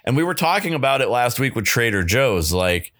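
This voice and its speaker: A man co-hosting a podcast in casual chat, halting with many restarts and self-deprecating asides. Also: medium pitch, big pitch swings, fairly bright tone, dry recording, studio quality. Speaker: podcast co-host.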